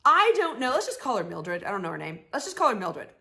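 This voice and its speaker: A woman's voice: lowish voice, sing-song, fast, vocal fry. A woman life coach hosting her show, giving advice to viewers and acting out phrases they could say. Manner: warm coaching tone, acts out sample phrases.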